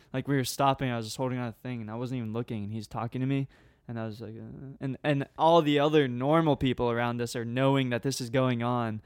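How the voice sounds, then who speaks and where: A young man with a smooth, resonant voice at a middling pitch tells a rambling anecdote on a podcast. He is animated and laughs often, and the sound is close and dry with no room echo. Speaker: podcast co-host. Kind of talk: casual storytelling chat.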